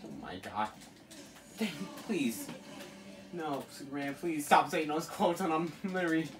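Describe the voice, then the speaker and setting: A gamer giving live commentary over a fighting game, exasperated, exclaiming and pleading at the opponent. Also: medium pitch. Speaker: let's play gamer.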